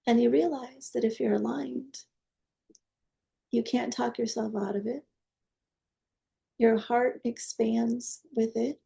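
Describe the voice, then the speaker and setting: Deep, gravelly woman leading a guided meditation. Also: steady tone, moderate pace. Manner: soft, coaxing, prayer-like invocations. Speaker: energy healing teacher.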